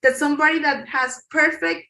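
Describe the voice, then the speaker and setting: A woman from Colombia with a Colombian Spanish accent and Spanish as her first language. She speaks as a Spanish teacher giving an interview, explaining patiently and pausing to search for English words. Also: high-pitched, steady tone, bright, forceful tone, low-quality recording. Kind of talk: conversational interview.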